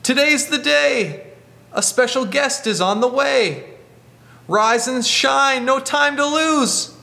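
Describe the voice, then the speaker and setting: A man's voice: very high-pitched, slow pace, gravelly, sharp tone, voice pushed up, full character voice. A man voicing little William, a cheerful small male character calling in sing-song rhymes in a picture book.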